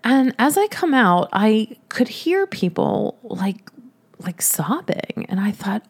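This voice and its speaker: A woman telling a funny personal story in a lively way, often breaking into laughter as she talks. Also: a little high, slow.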